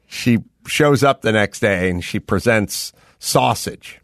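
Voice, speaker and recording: A middle-aged man hosting a podcast, telling a rambling, deadpan, complaining story in casual chat. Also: lowish voice, slow pace, no echo, clean studio sound. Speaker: podcast host.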